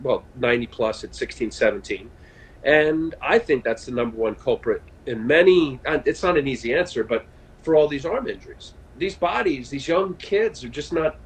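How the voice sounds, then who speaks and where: A man in his fifties, a former pitcher, telling stories in a casual interview over a video call, animated and full of fillers and restarts. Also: moderate pace, poor audio. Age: 50s. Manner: chatty storyteller, animated, frequent fillers and restarts. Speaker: guest, former baseball pitcher.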